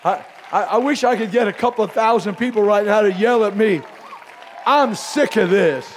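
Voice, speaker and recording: High-voiced man preaching a fiery sermon. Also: steady tone, a little fast, some chatter behind, slight background noise. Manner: swings from hushed asides to shouted exhortation; folksy, calls listeners pet names. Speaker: bishop preaching at a camp meeting. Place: live service before a congregation.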